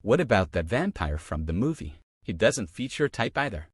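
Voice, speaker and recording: A man voicing an older man who jokes gently about himself. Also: on the low side, sing-song, moderate pace, husky, no room sound, studio quality. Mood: wistful.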